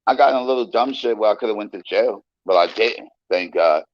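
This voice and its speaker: A man guest telling stories in a casual interview, animated and profane, acting out the voices he quotes. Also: on the low side, a little fast, no echo, muffled recording. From United States.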